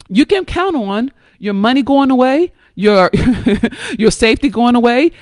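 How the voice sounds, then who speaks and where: A woman hosting a live stream, talking in an emphatic, blunt and profane way, with sudden jumps up in pitch and loudness and frequent check-ins with her listeners. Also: no room sound, studio quality. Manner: coaxing, checks in with listeners often. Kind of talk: impassioned live-stream talk.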